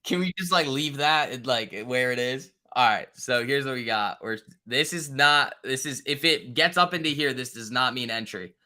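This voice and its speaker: Bright-voiced man doing casual trading commentary. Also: mid-range voice, moderate pace, hardly any pauses. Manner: loose, profane, bro-talk banter with chat, chuckling. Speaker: stock trading livestream host. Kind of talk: casual live market commentary.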